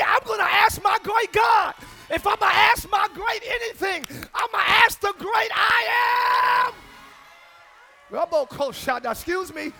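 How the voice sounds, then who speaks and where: Pastor guy preaching in church, real high voice, gravelly, yells a lot. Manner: preaching with shouts and call-and-response; drops to quiet asides and laughs. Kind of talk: sermon.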